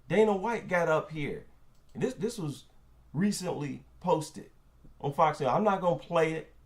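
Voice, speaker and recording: A man giving opinion commentary in an emphatic, indignant way, repeating lines for stress. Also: fairly high pitch.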